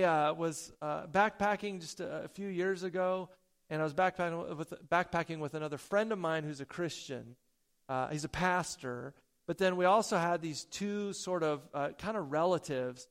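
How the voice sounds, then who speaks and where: A man preaching a sermon, telling a personal story with loud emphasis, soft asides and stammered repeats. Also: sits high, smooth. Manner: stammers and repeats words when excited. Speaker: pastor.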